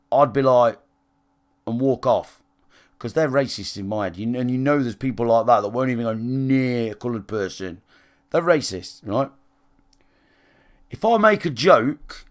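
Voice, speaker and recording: Rambling, sweary British streamer man. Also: mid-range voice. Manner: rambling and sweary, often asks "do you know what I mean". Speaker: gaming live streamer. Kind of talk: casual chat with stream viewers.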